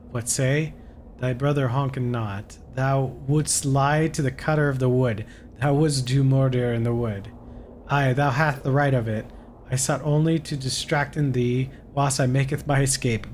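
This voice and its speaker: A man's voice: medium pitch, a little mellow, slight background noise, lightly acted. A man voicing solemn talking forest trees. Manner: archaic, stilted storybook phrasing. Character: solemn talking trees speaking old-fashioned English.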